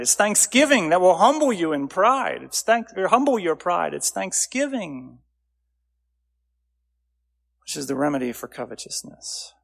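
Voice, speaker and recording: A man preaching a sermon, earnest, building up loudly on key phrases and then dropping low and quiet. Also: vocal fry. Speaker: pastor.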